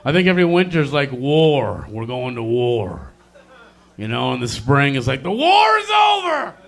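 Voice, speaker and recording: A man doing a self-mocking stand-up set in a small club, breaking into loud high yelled bits. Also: lively intonation, moderate pace, gravelly. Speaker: stand-up comedian. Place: small comedy venue with a live audience.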